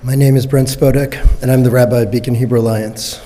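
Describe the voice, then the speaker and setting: A rabbi gives a prepared comment to a city council in a measured, deliberate way. His voice is mellow and mid-pitched, with a long echo from the chamber. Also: steady tone, a little hiss or hum.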